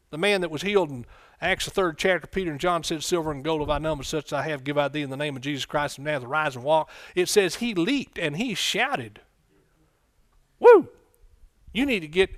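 A man preaching a folksy sermon in church, breaking into loud excited bursts. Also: a little high, no room sound, studio quality. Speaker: pastor.

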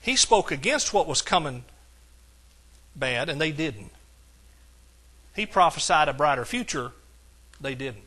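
A man preaching a sermon as pastor, with emphatic lines that swing from soft to hollering. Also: fairly high pitch, very animated, unhurried, long pauses, slightly rough.

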